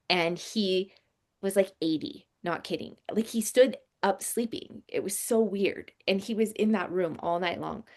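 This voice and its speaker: A woman in her forties telling a personal story in a casual, animated way, with lots of fillers. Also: lowish voice. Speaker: podcast guest.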